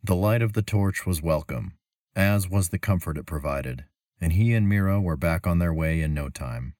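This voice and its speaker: A man narrating a fantasy story as an audiobook, measured and even. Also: low-pitched, dry recording, studio quality.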